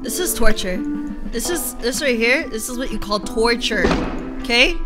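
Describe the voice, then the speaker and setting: A young woman commentating on her own gameplay, excitable and talking back to the characters on screen, sometimes bursting into shouts. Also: on the high side, moderate pace. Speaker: gaming YouTuber. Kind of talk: let's-play commentary. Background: game music.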